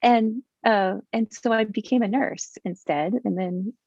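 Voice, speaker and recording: A woman's voice: mid-range voice, unhurried, dull audio, a crowd in the background. A middle-aged woman being interviewed, talking candidly and joking, with plenty of fillers and laughs. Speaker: interview guest. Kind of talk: casual conversation.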